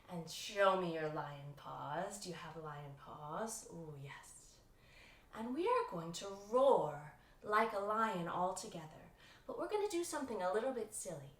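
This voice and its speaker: A woman's voice: mid-range voice, a little hiss or hum. A woman leading a guided yoga lesson for kids, encouraging and playful as she coaxes them along. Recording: roomy echo from a distant mic with soft music.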